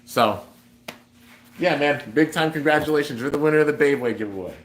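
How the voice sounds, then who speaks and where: A man's voice: fairly high pitch, a little fast. Young man, livestream host, casual and upbeat, roomy echo, faint hiss behind. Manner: upbeat, chatty, reads out chat comments. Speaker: streamer hosting a toy giveaway.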